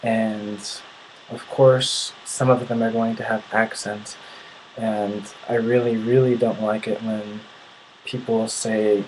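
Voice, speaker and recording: A man's voice: lowish voice, little pitch movement, slow pace, darkish tone, slight background noise, poor audio. A young man from the United States venting in a casual video. He sounds indignant and often restarts his sentences. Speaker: vlogger.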